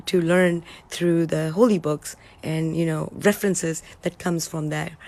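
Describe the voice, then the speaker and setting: A woman hosting a casual spiritual livestream from England, earnest and excitable, sometimes dropping to a whisper for emphasis. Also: lowish voice. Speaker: livestream host. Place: indoors, live stream in England.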